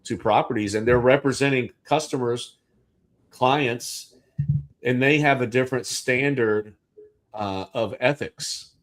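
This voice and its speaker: A man's voice: mid-range voice, unhurried. A man hosting a casual livestream discussion as a real estate agent, thinking aloud with restarts.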